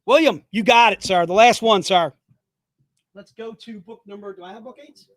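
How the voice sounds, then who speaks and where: A man running a live sales stream in a high, bright-sounding register, cracking jokes and pushing each item with hyped, rapid-fire patter. The sound is dry and close, with no room echo. He talks casually and keeps the energy up.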